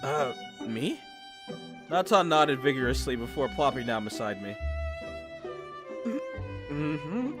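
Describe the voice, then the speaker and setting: A man reading a visual novel aloud with joking commentary, laughing at himself and dropping low for the narration. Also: animated, takes it slowly, pauses often. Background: game music.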